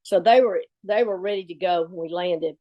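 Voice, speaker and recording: Lively woman telling a story. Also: fairly low pitch, moderate pace, lo-fi sound. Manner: lively, acts out quoted voices. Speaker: former assistant coach. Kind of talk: storytelling anecdote.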